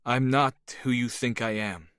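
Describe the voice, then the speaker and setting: A man reading an audiobook voices a Russian spy confessing his true identity in a quiet, earnest way. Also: medium pitch, steady tone, unhurried, smooth, dry recording, studio quality, lightly acted.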